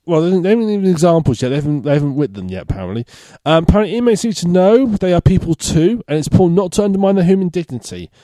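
Male podcast host, mellow fairly high voice, dry close sound, reads news with jokey asides. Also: expressive, rapid-fire, few pauses, dry recording. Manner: reads out odd news stories with laughing asides. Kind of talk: casual comedy podcast chat.

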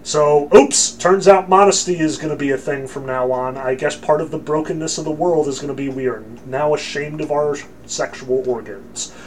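Chatty male lecturer, emphatic and joking, slightly high-pitched. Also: moderate pace, hardly any pauses, slight background noise. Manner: lively, joking, emphatic, with many fillers. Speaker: religion lecturer. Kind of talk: casual lecture.

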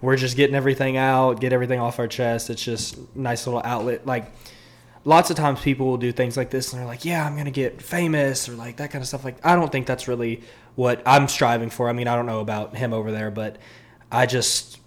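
A man's voice: mid-range voice, flat delivery, a little fast. Man, twenties, podcast co-host, casual chat, self-mocking, rambling with fillers, mid-range voice. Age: 20s.

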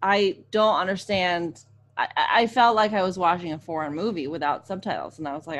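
A woman's voice: fairly low pitch, brisk. A woman on a movie podcast, talking in a blunt, exasperated way. She swears and laughs easily as she rants. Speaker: podcast co-host. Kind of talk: casual chat.

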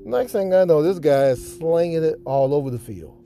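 A man with a very dark, mellow tone that sits a little high in pitch. He tells his story earnestly and dramatically, repeating lines for effect. Soft guitar music plays faintly behind him. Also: animated, normal speed. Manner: earnest, heartfelt. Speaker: podcast host. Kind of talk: emotional sports fan monologue.

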